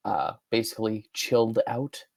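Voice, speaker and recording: Guy in a d&d game, monotone, dry close mic, stumbly. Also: lowish voice, moderate pace, vocal fry, no room sound. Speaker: player. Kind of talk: tabletop role-play.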